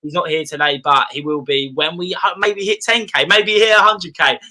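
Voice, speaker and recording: A man's voice: on the high side, moderate pace, sharp tone. A young man co-hosting a casual livestream chat, effusive and gushing. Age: young adult. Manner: effusive, gushing about players. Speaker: co-host.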